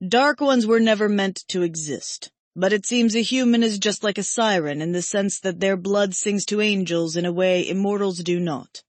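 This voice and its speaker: A woman narrating an audiobook, voicing an ancient, sorrowful male angel who speaks softly and solemnly. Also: medium pitch, normal speed, hardly any pauses, no room sound, close to an everyday voice. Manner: soft, hushed, solemn. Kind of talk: audiobook character voice.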